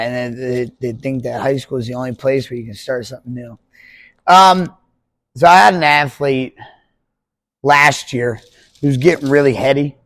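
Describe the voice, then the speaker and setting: Twenty-something male coach, mid-pitched, chatty and jokey, dry room. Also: dry recording. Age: 20s. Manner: rambling, conversational, jokey. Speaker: pole vault coach. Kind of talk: casual podcast talk.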